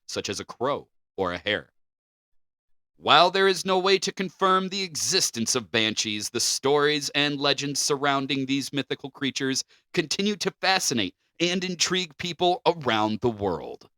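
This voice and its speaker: Bright-voiced man co-hosting a podcast. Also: mid-range voice, lively intonation, normal speed, no room sound. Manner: joking, loose, swears casually. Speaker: podcast co-host. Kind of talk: reading notes mixed with casual banter.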